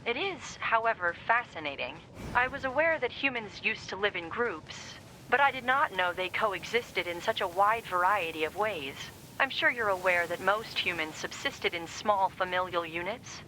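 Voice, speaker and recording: An actress playing a formal, curious female android operator in a video game, speaking in a precise, measured way. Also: mid-range voice, expressive, sharp tone, a little hiss or hum, low-quality recording.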